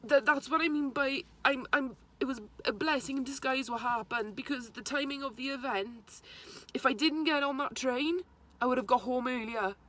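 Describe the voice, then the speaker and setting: A young woman speaks straight to camera, recounting a painful memory. Her voice sits a little high, and she often breaks off and starts her sentences again. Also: a bit bright. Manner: halting, emotional retelling with restarts. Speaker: vlogger. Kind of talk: personal storytelling to camera.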